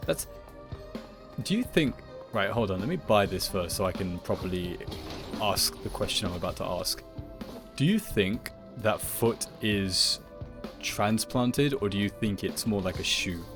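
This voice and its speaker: Over loud game music, a man who makes gaming videos rambles through playful, mock-dramatic commentary on his play. His voice is lowish and animated, and he keeps a measured pace.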